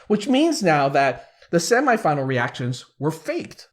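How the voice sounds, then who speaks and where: A man's voice: a little high, very animated, unhurried, a crowd in the background. A man hosting a casual commentary, talking animatedly and asking many rhetorical questions. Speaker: YouTube commentator.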